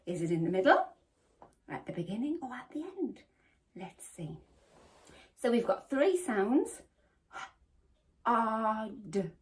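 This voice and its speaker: A woman primary school teacher giving a phonics lesson to young children, encouraging and sounding out letters one by one. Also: mid-range voice. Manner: slow, sing-song, encouraging, sounding out letters. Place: home or classroom, recorded for home learning.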